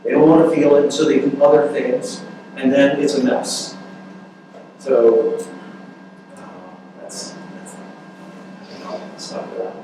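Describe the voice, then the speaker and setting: A man's voice: medium pitch, fairly even intonation, slow pace, pauses often. Earnest man speaking in an echoey room. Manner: conversational, earnest, many fillers and restarts. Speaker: workshop speaker. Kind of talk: relationship workshop talk. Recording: echoey room, mic far off, noisy.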